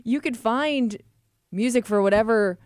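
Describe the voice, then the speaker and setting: A woman's voice: fairly high pitch, a little slow, darkish tone, clean tone, dry recording, studio quality. A woman co-hosting a radio show, chiming in casually and reasoning her points through in banter. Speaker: radio co-host. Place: radio studio.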